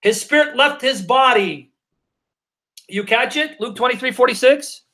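Viewer comments are answered on this live Bible Q&A stream by a man whose very high voice sounds pushed and bright. He reads scripture aloud in a slow, measured cadence, pressing each point home by repeating his questions with emphasis.

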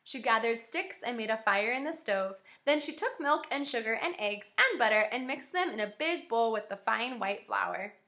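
Bright-voiced kindergarten teacher reading aloud. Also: female voice, a little high, expressive, moderate pace, hardly any pauses. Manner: clear, encouraging, and explains step by step. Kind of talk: read-aloud lesson for young children.

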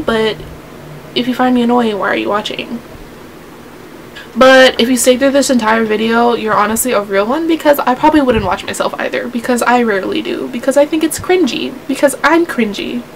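A young woman in her teens, a vlogger ranting casually to camera in a sassy, rambling way and quickly getting worked up. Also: a little high, a little hiss or hum, low-quality recording.

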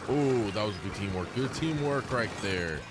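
Excitable male game streamer. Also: fairly low pitch, normal speed, very noisy. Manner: excitable, yelps and laughs during play; apologetic, chatting to viewers. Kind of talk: live game stream chat. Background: game music.

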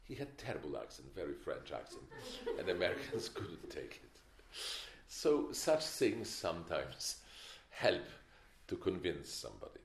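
A man's voice: sits low, very animated, unhurried, slight background noise. An older man giving a film masterclass, opinionated and emphatic, with wry stories. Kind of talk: masterclass lecture. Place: lecture hall. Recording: echoey lecture hall.

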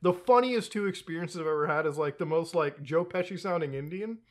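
Podcast co-host, man, high voice, animated, foul-mouthed, laughs mid-sentence. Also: a little fast. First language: Hindi. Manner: animated, swears a lot, laughs while talking. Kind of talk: casual chat.

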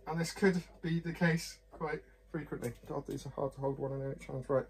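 A man's voice: on the high side, steady tone, moderate pace, a little mellow, breathy edge. A man reviewing whisky glasses in a chatty, rambling, self-deprecating way, often apologising. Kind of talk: casual chat to camera.

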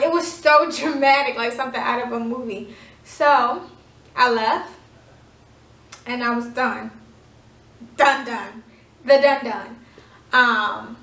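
A woman's voice: fairly high pitch, pushed and bright. A woman in her twenties, chatting dramatically through a casual storytime with lots of fillers. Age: 20s. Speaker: vlogger. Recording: echoey room, voice from far off.

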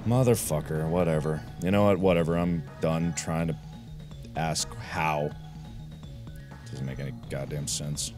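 A young man hosting a gaming video, swearing a lot as he swings from low muttering to angry yelling. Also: a little slow, over music. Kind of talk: frustrated let's play commentary.

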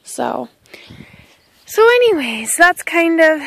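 Vlogger: high-pitched Midwestern woman, rambling and chatty, recorded outdoors on a phone. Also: unhurried, fairly bright tone, low-quality recording. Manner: chatty and rambling, talks to her dog. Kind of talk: casual walking vlog. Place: outdoors on a country path. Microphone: handheld phone camera.

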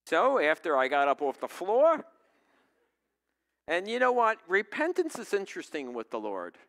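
Male pastor, middle-aged, conversational storyteller, animated and higher-pitched delivery. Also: moderate pace. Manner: storytelling, conversational, asks the congregation questions. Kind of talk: sermon.

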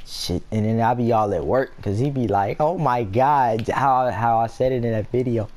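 A man's voice: mid-range voice, normal speed, darkish tone. A young man chatting casually and profanely while playing a video game, rambling between stories and asides. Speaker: gameplay vlogger. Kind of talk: casual gaming commentary.

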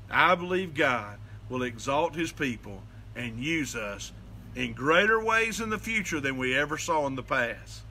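A man's voice: mid-range voice, animated, a little slow, pushed and bright. A middle-aged man pastor from the Southern United States, giving a devotional sermon in an earnest, folksy way. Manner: earnest, folksy preaching with light laughs.

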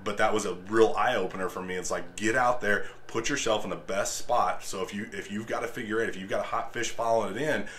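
A man with a bright, forceful voice, talking casually about fly fishing and telling stories with lots of energy. His voice sits a little low. Faint background ambience is under him. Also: quick pace, few pauses, slight background noise. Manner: animated storyteller, acts out shouted quotes.

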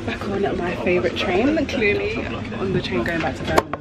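A young woman, vlogging in casual chat straight to camera, animated and talkative. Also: medium pitch, fairly quick, a loud crowd, rough recording. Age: young adult.

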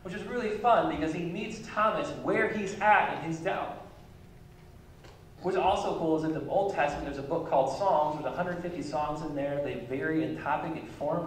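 In an easygoing, conversational sermon punctuated by light chuckles, a man preaches as pastor in a church sanctuary. His voice leans high. Captured by a distant mic in the echoey hall, the audio carries a little hiss or hum.

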